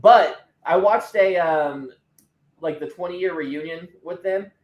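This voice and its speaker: A man's voice: on the high side, takes it slowly. A man chatting casually on a podcast, blunt and profane, often laughing. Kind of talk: casual chat. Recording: roomy with faint noise.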